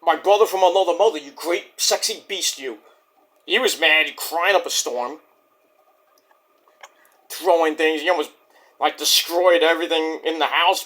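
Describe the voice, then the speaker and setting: A man's voice: a little high, sharp tone. A man, ranting bluntly and profanely in a rambling casual monologue as a vlog host.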